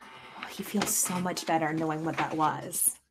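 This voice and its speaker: A woman's voice: low voice, fairly even intonation, measured pace, noisy background. A young woman reading a picture book aloud to children, stopping to ask them questions about the pictures. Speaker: school staff reader. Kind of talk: children's storytime read-aloud.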